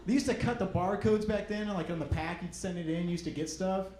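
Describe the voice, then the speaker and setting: High-voiced male stand-up comedian. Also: fast talker. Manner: storytelling, acting out scenes. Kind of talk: stand-up routine. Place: comedy stage. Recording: roomy club recording, loud noise.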